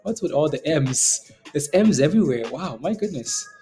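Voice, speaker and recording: A man hosts a live trading stream in a loose, chatty way, often breaking into chuckles as he talks to his chat. His voice sits a little high but sounds mellow and soft-edged. Faint music plays in the background. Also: lively intonation, moderate pace. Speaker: stock trading livestream host. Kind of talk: casual live market commentary.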